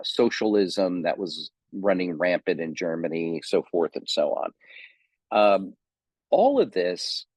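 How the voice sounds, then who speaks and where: A middle-aged man lectures on theology in a very low voice. He talks slowly and thoughtfully, correcting himself often. The sound is close and dry. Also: a little mellow, slightly rough, no echo. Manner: thoughtful, many ums and self-corrections. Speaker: seminary lecturer.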